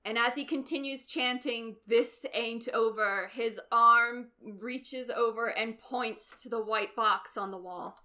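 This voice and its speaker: A woman narrates a tabletop game as its game master. She lays out each scene in a calm, descriptive way. Her voice sits fairly high and rings bright. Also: a little slow, few pauses.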